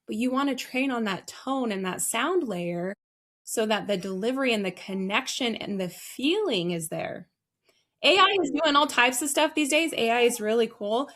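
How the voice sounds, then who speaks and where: A woman who trains customer service staff, answering interview questions in an energetic, emphatic coaching tone. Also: a little high.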